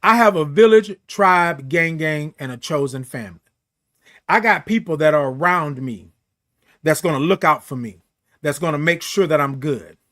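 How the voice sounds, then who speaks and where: High-voiced, emphatic motivational host. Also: male voice, normal speed, a bit bright. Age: middle-aged. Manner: emphatic and preachy, repeats key phrases, drags out words for stress. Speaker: host of a morning live show. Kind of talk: motivational live-stream talk, reading viewer comments.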